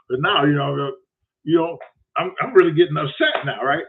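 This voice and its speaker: A man's voice: fairly high pitch, normal speed. A man hosting a show, telling a story casually with lots of profanity and acting out both sides of a conversation. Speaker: host. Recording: phone-like lo-fi audio.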